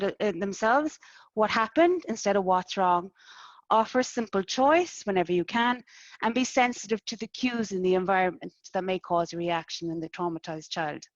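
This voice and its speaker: A woman presenting a webinar, explaining in a steady, list-like way. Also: mid-range voice, dry recording. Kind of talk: structured webinar talk. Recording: dry, dull lo-fi mic.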